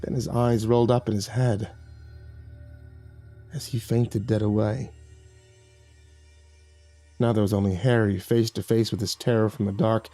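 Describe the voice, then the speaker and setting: A man narrates a horror story in a measured, dramatic way, with a dark, mellow tone. Faint music plays beneath his voice. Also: medium pitch.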